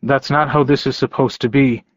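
A man's voice: mid-range voice, steady tone, normal speed, no echo, dull audio, close to an everyday voice. A man reading an audiobook, voicing a young male werewolf who pleads desperately with his mate. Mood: remorseful. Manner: pleading, urgent.

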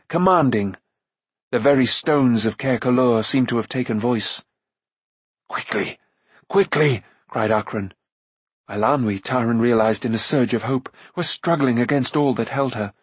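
A man reading a fantasy novel aloud as audiobook narration, in a measured storytelling manner. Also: medium pitch, breathy edge, no room sound.

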